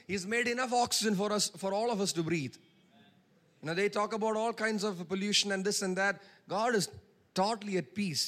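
A man's voice: a little high, fairly bright tone. A man preaching a sermon, calling for congregation responses and drawing out key words.

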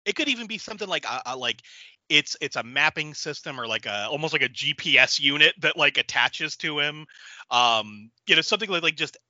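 Very bright, animated man chatting films. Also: fairly high pitch, a little fast, no echo, highs cut off. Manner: animated, laughs often, swears casually. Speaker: podcast co-host. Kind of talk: casual film chat.

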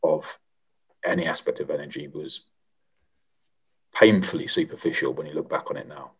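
A middle-aged former member of parliament, appearing as a guest, answers interview questions in a measured, reflective way, pausing often and restarting his sentences. He has a bass voice with a slight roughness.

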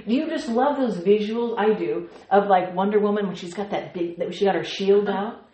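A woman's voice: medium pitch, normal speed, dark tone. A woman teaching a Bible study in a playful way, with laughing asides and her own sound effects. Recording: echoey room.

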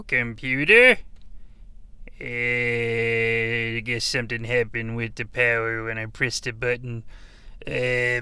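Gravelly old wrestling dad rambling on, some guy doing the bit, loud and punchy, folksy, keeps wandering off topic. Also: medium pitch, no room sound, exaggerated voice. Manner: rambling, easily sidetracked, folksy. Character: rambling old wrestling-family patriarch, man. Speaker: podcast host character. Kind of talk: improvised comedy character monologue.

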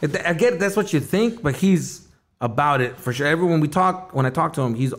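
Fast-talking, cursing comedian man. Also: fairly high pitch, expressive. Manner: fast, profane, slangy storytelling. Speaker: stand-up comedian guest. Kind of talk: casual podcast chat.

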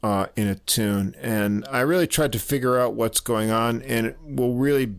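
A man giving a casual spoken review of a jazz album, halting with many fillers and little chuckles. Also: mid-range voice, creaky.

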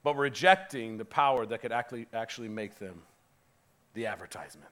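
A man preaching a sermon as pastor, impassioned and building to loud peaks, with frequent restarts. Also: medium pitch, expressive, a little fast.

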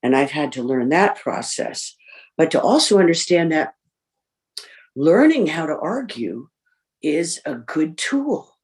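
A woman giving a candid personal share in a recovery group, reflective and pausing often with fillers. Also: deep voice, big pitch swings, a little mellow. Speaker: speaker sharing in a recovery group. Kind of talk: personal recovery share, reading list points.

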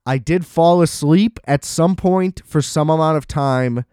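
A man's voice: fairly high pitch, a little slow, mellow, clean tone, no echo, clean studio sound. A young man giving a casual, sarcastic movie recap, swearing and laughing often.

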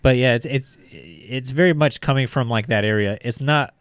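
A man's voice: medium pitch, moderate pace, clear, resonant tone, no room sound, clean studio sound. A man in a casual music discussion who rambles, swears freely and fills his talk with "like".

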